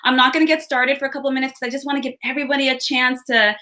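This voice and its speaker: A woman's voice: high voice, flat delivery, rapid-fire, bright, forceful tone. Bubbly woman hosting a webinar. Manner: chatty, upbeat, greets viewers by place. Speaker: workshop host. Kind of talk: live webinar chat. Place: home room with window.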